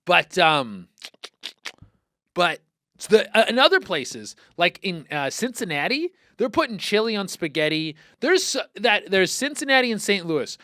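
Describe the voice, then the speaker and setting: High, lively comedic podcast host, a man. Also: a little slow, dry recording, clean studio sound. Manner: animated, exclamatory, swears a lot. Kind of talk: profane comedic rant.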